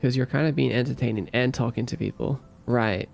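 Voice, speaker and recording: A man live-streams his game coding with faint music in the background, his gravelly, medium-pitched voice running a little fast. Drowsy and relaxed, he rambles casually to viewers, talks through his thoughts, and hums along to himself.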